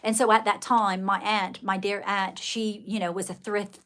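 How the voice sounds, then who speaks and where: A woman's voice: mid-range voice, flat delivery, moderate pace, fairly bright tone. A middle-aged woman hosting a live stream, telling rambling stories in casual chat and calling her viewers darling. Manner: chatty, rambling storytelling, calls viewers darling. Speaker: livestream host.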